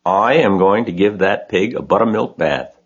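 A man's voice: fairly low pitch, animated, normal speed, breathy edge, voice pushed up. A man voicing a determined middle-aged farm wife who speaks firmly and matter-of-factly. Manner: firm, matter-of-fact. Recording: dull lo-fi recording.

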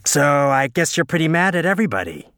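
A man's voice: fairly high pitch, sing-song, fairly quick, a bit bright, no echo, studio quality, voice pushed up. A man voicing a joking, goofy teenage boy with a playful, teasing manner.

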